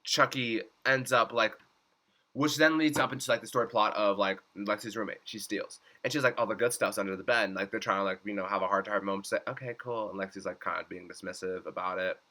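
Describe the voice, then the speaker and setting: A man's voice: on the low side, fast, sharp tone. A young man giving a casual episode recap, chatty, leaning on "like" and acting out lines in swooping voices. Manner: chatty, says "like" constantly, acts out quotes in swooping voices. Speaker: reaction vlogger.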